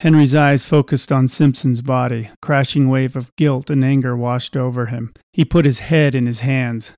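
Guy reading a story out loud, even and measured, warm mellow voice. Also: medium pitch, no echo, studio quality. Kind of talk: scripted story narration.

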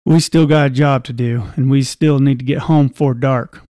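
A man doing a calm frontier father. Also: medium pitch, normal speed, no echo, clean studio sound, close to an everyday voice. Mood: reassuring.

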